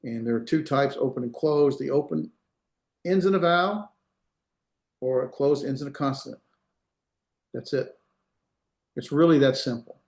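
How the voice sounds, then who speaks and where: A man's voice: mid-range voice, moderate pace, pauses often, darkish tone. A man giving a classroom lecture as a Hebrew instructor. He explains step by step, repeats examples and checks that students follow. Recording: roomy echo.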